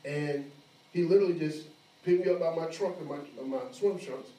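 A high-voiced man preaches with energy, slipping into the voices of the people in his story. The sound is echoey and comes from a distance, as in a large room. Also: a little fast. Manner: animated preaching, acting out voices. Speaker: pastor. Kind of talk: sermon.

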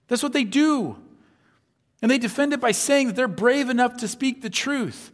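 A man preaching a conversational sermon, his voice sitting fairly high for a man. He throws in frequent rhetorical asides and acts out the people he quotes. His words carry a long reverb, as if spoken in a large church hall. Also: animated, fairly quick. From upper Midwest of the US. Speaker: pastor.

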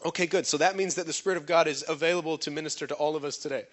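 A man's voice: steady tone, rapid-fire, fairly bright tone. A man preaching a sermon, questioning his congregation and drawing responses from them. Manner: acts out quoted voices with sudden pitch jumps. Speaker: pastor.

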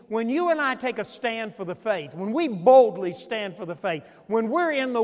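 A man pastor preaching a sermon to his congregation, leading them in call-and-response and repeating key phrases. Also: high voice. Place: church sanctuary. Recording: long church reverb.

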